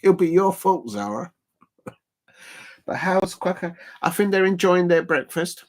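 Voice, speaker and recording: A man's voice: sits high, expressive, a little slow. A man hosting a casual live stream watch-along, rambling and chuckling as he chats to viewers.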